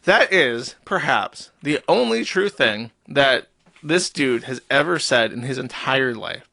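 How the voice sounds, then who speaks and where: A man's voice: medium pitch, animated, unhurried, gravelly, bright, forceful tone, no echo. A man hosting a live stream, reading posts aloud and mocking them in a sarcastic, profane, mock-serious tone. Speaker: streamer host.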